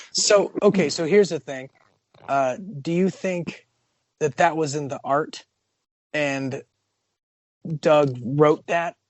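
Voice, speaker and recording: A man's voice: on the high side, slow, long pauses, no room sound. Jokey rambling podcast man. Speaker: podcast co-host. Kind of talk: casual comic-book discussion.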